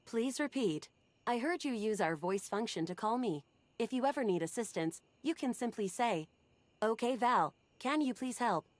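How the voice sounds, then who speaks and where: A woman's voice: a little high, moderate pace, lightly acted. A woman voicing a polite, formal female AI voice assistant in a video game. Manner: calm, formal, scripted.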